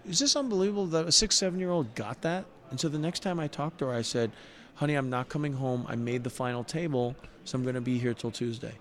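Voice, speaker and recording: A man's voice: mid-range voice, quick pace. A middle-aged man, a poker player guest on a show, telling personal stories in an earnest, heartfelt way with frequent restarts. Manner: heartfelt, earnest, animated retelling with many restarts. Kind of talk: conversational storytelling.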